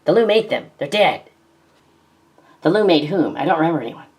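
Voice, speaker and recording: Low-voiced woman performing a sci-fi fan drama. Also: lively intonation, soft background music. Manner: quick-switching, sarcastic, melodramatic. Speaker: narrator and voice actor. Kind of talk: fan audio drama, reading many parts.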